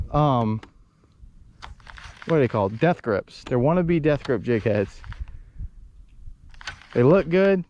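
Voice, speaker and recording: A man's voice: mid-range voice, a little mellow, lo-fi sound, a little hiss or hum. A man, vlogging while fishing from a boat in a marsh, rambling and frustrated as he talks to viewers. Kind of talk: casual outdoor fishing vlog.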